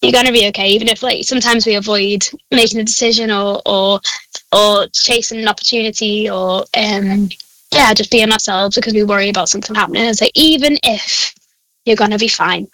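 Bright-voiced Scouse woman on a call. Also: mid-range voice, steady tone, brisk, dry recording, low-quality recording. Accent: Liverpool Scouse. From Liverpool, England. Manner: chatty, laughs often, encouraging. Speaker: guest. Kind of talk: casual chat. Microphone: phone call.

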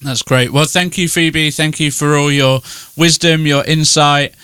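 A man hosting a podcast, interviewing his guest in a relaxed, affirming way with gentle jokes. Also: on the high side, unhurried, smooth, no room sound. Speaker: podcast host. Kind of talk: casual interview.

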